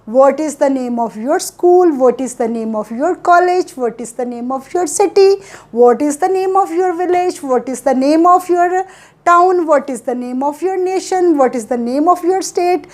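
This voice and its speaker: A woman's voice: sits high, moderate pace, a little mellow. A woman teaching a spoken lesson, drilling simple questions over and over. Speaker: English teacher.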